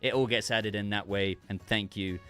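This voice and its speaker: A man's voice: lowish voice, fairly even intonation, moderate pace, bright, forceful tone, clear, resonant tone, faint music behind. A man hosting a casual livestream, chatting loosely and reading viewer messages, sounding congested with a cough. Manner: rambling, chatty, self-interrupting. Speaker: livestream host.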